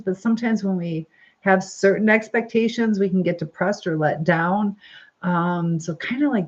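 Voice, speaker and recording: A woman chats on a live stream, reading comments and answering them in an easygoing, upbeat way with plenty of fillers and frequent laughs. Her voice sits in an ordinary middle pitch. The stream audio is a little dull and lo-fi. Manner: chatty, upbeat, laughs often, many fillers. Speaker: livestream host. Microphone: phone or webcam livestream.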